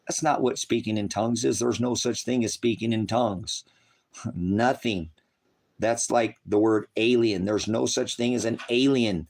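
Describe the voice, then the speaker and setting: A man's voice: steady tone, measured pace, gravelly, a little mellow. A man preaching on a livestream, profane and mocking, reads out viewer comments and argues with them. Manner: mocks others in shrill put-on voices. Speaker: online preacher. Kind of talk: livestream preaching, reading chat.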